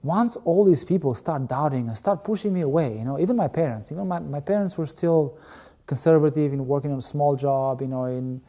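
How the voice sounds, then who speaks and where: With a warm, slightly high voice and a fairly quick pace, this guest tells his emotional personal story. He is an Albanian volleyball player, speaking openly and rambling, peppering his words with fillers.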